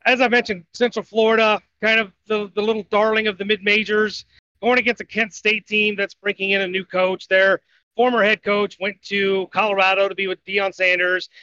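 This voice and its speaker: A man's voice: high-pitched, flat delivery, moderate pace, pushed and bright, slight background noise. A man co-hosting a sports betting podcast, rambling through his college football and baseball picks in casual talk. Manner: rambling, self-correcting picks. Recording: dull lo-fi audio.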